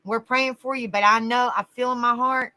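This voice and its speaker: A woman's voice: fairly high pitch, steady tone, normal speed, bright, forceful tone. A woman hosting a casual livestream, greeting viewers by name and calling them honey. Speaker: livestream host.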